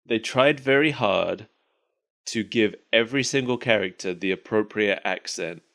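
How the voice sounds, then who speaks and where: Chatty podcast man, slightly low voice. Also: moderate pace, creaky, fairly bright tone. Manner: chatty, rambling, laughs often at his own jokes. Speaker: podcast co-host. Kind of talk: casual chat.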